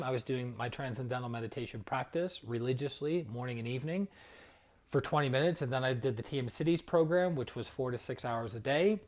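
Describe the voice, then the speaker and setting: A man sharing a personal story in a casual livestream. He rambles and reflects, dropping fillers and asides as he goes. His pitch sits in a middle range. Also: darkish tone. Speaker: spiritual coach.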